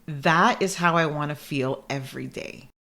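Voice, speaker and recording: A woman's voice: low voice, moderate pace, bright, forceful tone. A woman hosting a video-call interview, chatty and effusive, who laughs easily. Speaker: podcast host. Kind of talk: casual interview.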